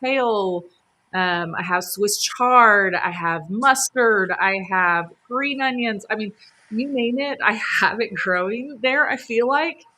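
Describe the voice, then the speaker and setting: A woman's voice: medium pitch, takes it slowly, pushed and bright, slight background noise. A woman hosting a live gardening stream from her home, chatting enthusiastically with lots of fillers and laughs. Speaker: gardening host. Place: home near a sunroom.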